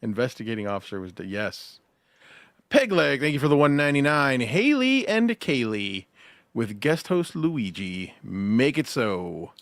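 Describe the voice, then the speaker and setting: A man guest-hosting a casual livestream chat, reading out viewer donations, laughing often, swearing and filling pauses with "uh". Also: mid-range voice, sing-song, fairly bright tone, dry recording, clean studio sound.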